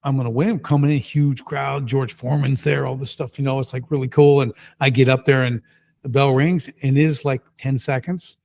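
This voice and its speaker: A middle-aged man, a podcast guest, telling his story in a casual, lively and emphatic way. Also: mid-range voice, a little fast, gravelly. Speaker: guest entrepreneur.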